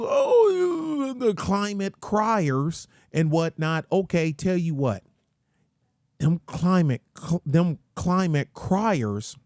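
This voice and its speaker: Male host, folksy and rambling, unhurried delivery with a dry, close sound. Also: fairly high pitch, a little mellow, no room sound. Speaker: channel host. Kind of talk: casual rant commentary.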